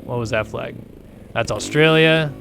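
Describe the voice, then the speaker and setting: A man's voice: mid-range voice, measured pace, vocal fry, over music. A man casually commentating a racing game stream in a rambling, laid-back, chatty way.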